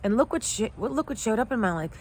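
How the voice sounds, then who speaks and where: A woman's voice: a little high, lively intonation, fast talker, darkish tone, slight background noise. A middle-aged woman, a life coach, telling a personal story in an emotional, heartfelt way. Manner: emotional, heartfelt, teary at times.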